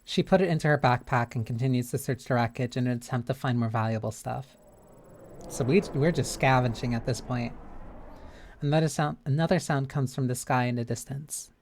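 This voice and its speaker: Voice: mid-range voice, fairly quick, a little mellow, a little hiss or hum. Chatty streamer reading a game aloud. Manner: chatty, reads game text aloud with many fillers. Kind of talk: live game stream commentary.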